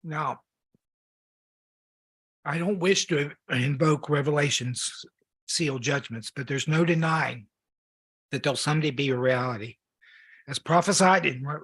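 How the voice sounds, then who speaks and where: A man preaching a sermon, reading scripture in an earnest, measured way while losing his voice. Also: a little high, a bit bright, slightly rough.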